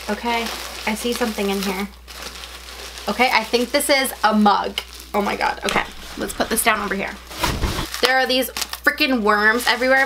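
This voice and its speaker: A young adult woman chatting at home as she unboxes a package, gushing and gasping with excitement as she rambles on. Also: on the high side, background noise. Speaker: unboxing vlogger.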